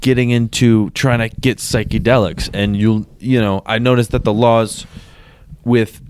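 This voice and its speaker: A man co-hosting a comedy podcast, rambling through news with halting restarts in a casual chat. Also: mid-range voice, fairly even intonation, a little mellow, clear, resonant tone. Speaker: podcast co-host.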